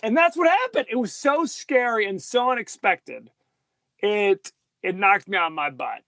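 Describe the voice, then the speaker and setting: A man co-hosting a casual film podcast, his voice pitched high with a gravelly edge. He retells scenes with animated, building excitement. The sound is dry and close, with no room around it. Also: a little slow, no echo. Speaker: podcast co-host.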